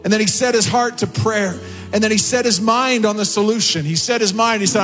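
Male pastor, impassioned sermon delivery, high voice, faint music under. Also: fairly quick, hardly any pauses. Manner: impassioned preaching, rising in pitch on quotes and prayers. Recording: long hall reverb with faint music behind. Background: soft music.

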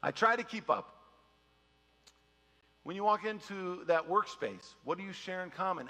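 A middle-aged man preaching a casual, joking sermon as pastor, slipping into quick impressions of other people. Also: high-pitched, in a large hall. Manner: animated, joking, mimics people in quick asides. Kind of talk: conversational sermon.

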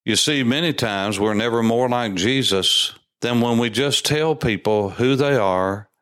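A man's voice: mid-range voice, measured pace, fairly bright tone, no room sound, clean studio sound. A man preaching a sermon, reading scripture aloud and commenting with emphatic, rising insistence.

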